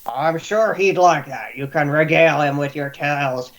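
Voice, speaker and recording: Man doing gruff old Uncle Arik. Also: fairly high pitch, normal speed, a bit bright. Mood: fond. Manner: plain-spoken, rambling, with stumbles. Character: gruff old retired fighter turned weaponsmith, fond uncle.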